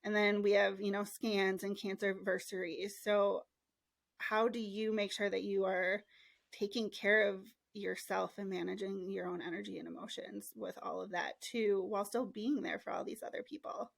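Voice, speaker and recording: Gravelly-voiced woman podcast host. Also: medium pitch, level tone, moderate pace, no echo. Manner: heartfelt, reflective. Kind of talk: casual interview chat.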